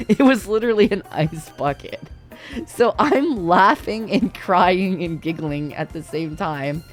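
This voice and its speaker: A woman's voice: lowish voice, lively intonation, a little slow. A woman livestreamer telling a story in a casual way, laughing often and swearing freely. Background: faint background music.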